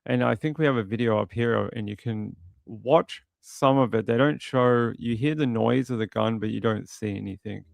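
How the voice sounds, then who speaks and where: Gravelly man commenting casually. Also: mid-range voice, moderate pace, hardly any pauses, no room sound. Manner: animated, mocking retellings. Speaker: true crime commentator.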